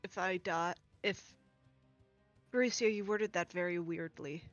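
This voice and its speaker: A woman playing in a tabletop game, talking in a sarcastic, deadpan way. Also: lowish voice, unhurried, no echo, muffled recording, faint music behind. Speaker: player. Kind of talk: casual tabletop role-play.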